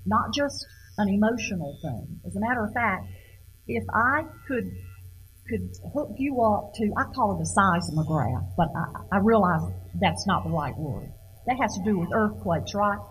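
A middle-aged woman giving an informal lecture on poetry, halting and repeating words as she questions her audience. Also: mid-range voice, animated, soft background music, poor audio.

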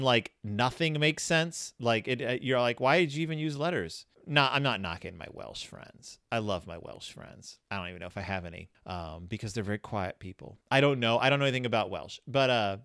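A man hosts a podcast in loose, casual chat, rambling from point to point and poking fun at himself. His pitch swings up and down as he talks, with lots of fillers and restarts. The sound is dry and close, with no room around it. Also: a bit bright, clear, resonant tone, no room sound. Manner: rambling, self-deprecating, with many fillers and restarts. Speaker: podcast host.

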